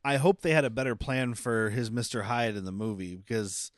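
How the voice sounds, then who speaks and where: A man's voice: medium pitch, brisk, dry recording. Man, podcast co-host, chatty scene-recapper, casual and profane, dry recording. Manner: animated storyteller, recaps scenes, swears. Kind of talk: casual movie-review chat.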